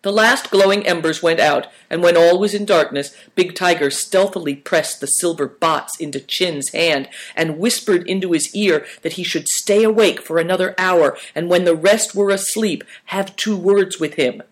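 A reader narrating a storybook in a calm, even voice. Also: medium pitch, normal speed, hardly any pauses.

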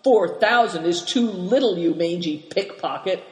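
A reader voicing a gruff, bad-tempered male crook who snarls and growls at his partner in a storybook. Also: medium pitch, unhurried, close to an everyday voice. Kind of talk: storybook reading. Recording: roomy hall with long reverb.

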